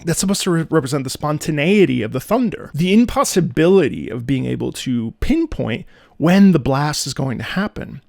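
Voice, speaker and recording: A man giving a casual, excitable breakdown of game music, singing melody lines in scat syllables with chatty fillers. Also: on the high side, fairly quick, vocal fry, no room sound, studio quality. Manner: profane asides, chatty fillers. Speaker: video game music analyst.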